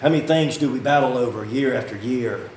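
Shouting preacher in an echoey church. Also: male voice, brisk, a little hiss or hum. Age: 50s. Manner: swings from shouting to low, quiet asides. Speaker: pastor. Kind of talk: fiery sermon. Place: church sanctuary. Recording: echoey room, heard from a distance.

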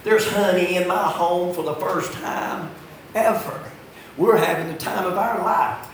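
Shouting preacher in an echoey church. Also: male voice, unhurried, a little hiss or hum. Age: 50s. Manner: swings from shouting to low, quiet asides. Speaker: pastor. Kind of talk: fiery sermon. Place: church sanctuary. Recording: echoey room, heard from a distance.

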